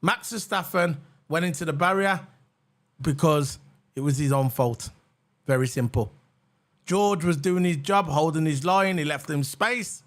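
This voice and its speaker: A man hosts a reaction livestream in a heated rant. His voice sits a bit high, and he mocks and repeats lines to drive each point home. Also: measured pace. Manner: heated, mocking, repeats phrases for emphasis. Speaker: livestream host.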